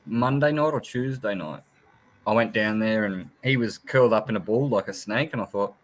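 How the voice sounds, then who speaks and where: A livestream guest with a lowish voice chats casually at normal speed, rambling through anecdotes. He swears freely and imitates his pet along the way.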